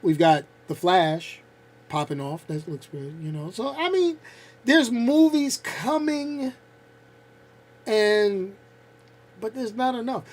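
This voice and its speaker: A man's voice: high-pitched, takes it slowly, long pauses. A man in his fifties hosting a casual vlog, ranting bluntly with slang and frequent laughs. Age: 50s. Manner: animated, blunt, laughs a lot, uses slang. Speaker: channel host.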